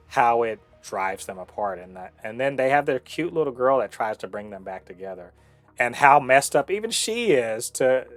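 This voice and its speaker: A man co-hosting a review podcast in casual chat, animated and profane, with lots of fillers and restarts. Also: lowish voice. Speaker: podcast co-host reviewing shows.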